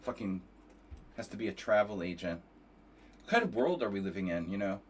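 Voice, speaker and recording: Tired, rambling low-voiced man. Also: expressive, a little fast, slight background noise. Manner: rambling and profane, many restarts. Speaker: chess streamer. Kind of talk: casual streaming chat.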